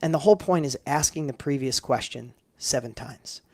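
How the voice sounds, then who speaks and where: A man's voice: medium pitch, normal speed, warm tone, no echo. A middle-aged man telling a personal story as a guest in an interview, emphatic and building up with repeated phrases. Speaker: guest entrepreneur.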